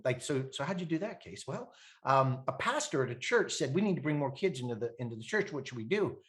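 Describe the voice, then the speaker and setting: A Canadian man in his fifties appears as a podcast guest, telling animated stories in a mid-range voice at a quick clip. He laughs often and acts out the voices of the people he quotes.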